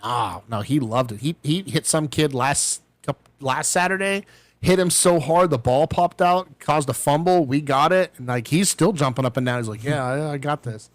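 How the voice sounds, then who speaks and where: A middle-aged man, a podcast co-host, telling a family story in casual chat and acting out the quotes with lively ups and downs. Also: a little high, moderate pace, no echo. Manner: animated storyteller, acts out quotes.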